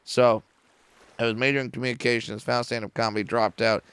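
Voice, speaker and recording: A man's voice: mid-range voice, level tone, fast, fairly bright tone, smooth, dry recording. A man in his forties, a comedian telling stories as a podcast guest in a small studio, joking, self-mocking and swearing freely. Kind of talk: casual podcast storytelling.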